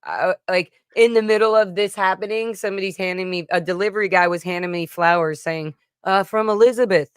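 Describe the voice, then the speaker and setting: A woman guest chatting on a livestream, emotional and halting, often restarting her sentences. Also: fairly low pitch, fairly even intonation, smooth, no echo, clean studio sound. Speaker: guest musician and streamer. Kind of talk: casual livestream chat.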